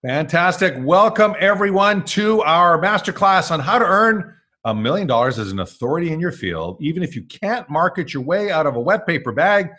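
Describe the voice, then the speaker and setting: A man's voice: fairly high pitch, sing-song, normal speed, bright, forceful tone. Upbeat man hosting a webinar. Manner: upbeat, jokey, with fillers. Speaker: host of a webinar masterclass. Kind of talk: energetic presenting.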